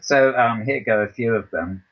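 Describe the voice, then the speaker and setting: This clip has a man of medium pitch talking at a normal speed, and the recording sounds muffled. Hosting a talk show over a voice call from his computer, the podcast host reads through a news roundup, often stumbling with ums and false starts.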